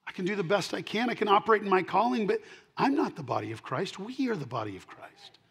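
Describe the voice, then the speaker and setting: A middle-aged male pastor preaching a sermon, swinging between loud emphatic punches and quiet asides, and repeating key lines for emphasis. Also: high-pitched, big pitch swings, quick pace, vocal fry, breathy edge.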